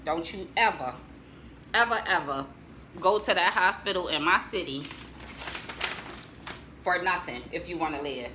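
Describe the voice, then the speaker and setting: In this vlog, a middle-aged American woman shows her family photos, chatting, joking and laughing with viewers. She speaks unhurriedly in a lowish voice, pausing often, against a noisy background.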